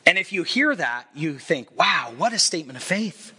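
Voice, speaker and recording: A man in his forties preaching a sermon, telling the story with lively acted-out quotes. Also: on the high side, normal speed, breathy edge. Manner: animated storyteller acting out quoted voices. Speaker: pastor.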